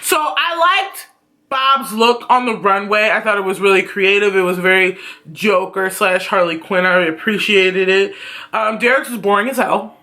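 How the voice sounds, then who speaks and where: A man giving a blunt, profane, animated ranting review on his vlog. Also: high-pitched, moderate pace. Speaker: YouTube reviewer.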